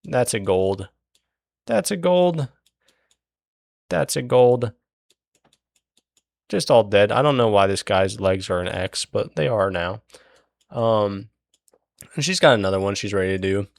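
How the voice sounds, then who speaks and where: A man's voice: lowish voice, measured pace, gravelly, long pauses, dry recording, studio quality. A man casually recapping a book while he draws, rambling and swearing, with lots of fillers and restarts. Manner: acts out characters' lines in his retelling. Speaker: channel host recapping a book.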